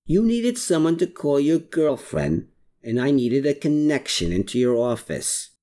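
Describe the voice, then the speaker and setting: A sly, manipulative woman , as an audiobook narrator puts her on, who murmurs in a cool and teasing way. Her lines move up and down with a lively lilt. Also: low-pitched, measured pace.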